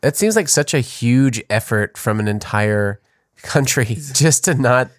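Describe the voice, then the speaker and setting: A man co-hosting a podcast, joking and rambling in a relaxed conversation. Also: mid-range voice, a little slow, no echo, clean studio sound. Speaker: podcast co-host. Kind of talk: casual chat.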